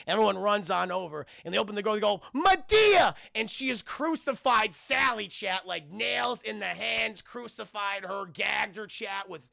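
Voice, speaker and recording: Brief: high, gravelly man riffing to his stream chat, cussing freely, dry close mic. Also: bright, forceful tone, no echo. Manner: profane, rambling, keeps addressing the chat. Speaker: streamer reviewing a film. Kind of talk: casual chat with a live chat.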